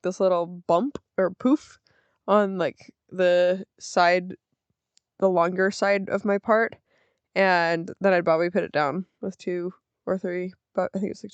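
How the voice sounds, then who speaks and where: A young woman talks on her own podcast in a loose, rambling way, full of "like" and "um", and pokes fun at herself. Her voice is smooth and clean. The sound is dry and a little dull, recorded close on a podcast mic. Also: fairly low pitch, dry recording. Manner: chatty, rambling, filler-heavy, self-deprecating. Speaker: podcast host. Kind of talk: casual solo podcast chat.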